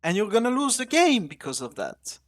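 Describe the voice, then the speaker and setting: A man's voice: high voice, wildly swooping pitch, moderate pace. A man streaming live gameplay, ranting angrily at his teammates with heavy swearing. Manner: complains loudly about teammates. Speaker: streamer playing a competitive shooter.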